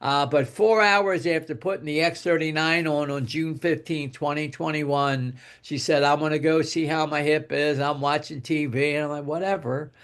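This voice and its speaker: An older man with a slightly high voice tells a long personal story in a loose, rambling way. He repeats himself often and goes quieter when he quotes what was said. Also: steady tone, normal speed, few pauses, clear, resonant tone. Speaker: guest speaker telling a testimonial. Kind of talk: casual storytelling.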